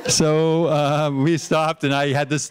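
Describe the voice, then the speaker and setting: A man's voice: on the high side, noisy background. Older man telling a chuckling anecdote. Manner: lively storyteller who chuckles and restarts often. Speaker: panel speaker recalling his teaching days. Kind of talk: anecdotal storytelling.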